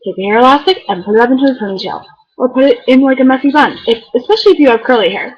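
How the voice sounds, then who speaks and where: A woman's voice: sits high, animated, racing, slightly rough, highs cut off. A teenage girl chatting casually to the camera, rambling and filling her talk with "like". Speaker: beauty vlogger. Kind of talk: casual chat.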